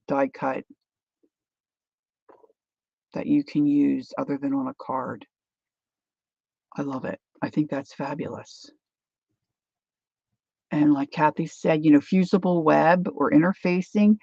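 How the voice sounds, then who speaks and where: Chatty gravelly-voiced woman crafting live. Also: sits low, unhurried, long pauses, mellow, no room sound, muffled recording. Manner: rambling, chatty, reads out viewer comments. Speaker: craft livestream host. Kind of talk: casual crafting demo, chatting with viewers.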